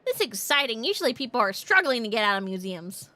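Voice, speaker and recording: A woman's voice: a little high, big pitch swings, fast, pushed and bright, dry recording. A woman streaming a video game, chatting playfully and reading dialogue aloud.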